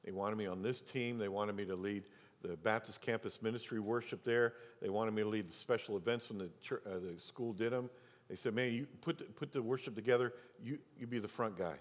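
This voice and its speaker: A man's voice: on the low side, brisk. A middle-aged man preaching as pastor, telling a personal story and acting out the voices of the people in it. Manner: storytelling, acts out quoted voices, drops to near whisper for emphasis. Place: church sanctuary. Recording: reverberant hall.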